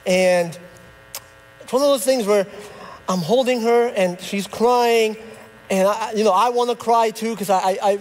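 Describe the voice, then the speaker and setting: A young man with a notably high voice gives a sermon, telling personal stories in a relaxed, conversational way. His words carry a long reverb from the church hall around him. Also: unhurried, pauses often. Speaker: youth director preaching. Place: church sanctuary.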